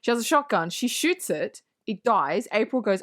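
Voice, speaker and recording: A woman's voice: on the high side, expressive, brisk. A woman co-hosting a podcast, recapping a movie plot in casual chat with sarcastic, swear-filled asides. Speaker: podcast co-host.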